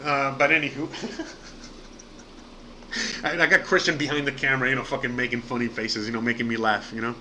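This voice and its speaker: This live-stream host speaks in a mid-range voice with little pitch movement, fairly quickly but with long pauses, against a noisy background. Addressing viewers directly, he delivers a casual, profane, outraged rant packed with fillers.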